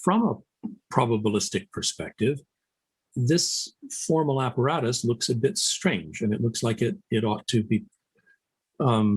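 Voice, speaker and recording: A middle-aged man giving an academic conference talk, measured and hesitant, with many fillers and restarts. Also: medium pitch, animated, breathy edge, no room sound, poor audio. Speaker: conference speaker. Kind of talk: academic lecture.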